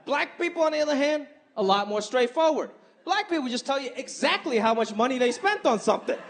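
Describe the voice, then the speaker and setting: A man doing a stand-up comedy routine, animated and acting out his mother's voice. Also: extremely high pitch, brisk. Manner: animated, acts out his mom's voice. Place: comedy stage before a live audience. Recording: live club with crowd and noise.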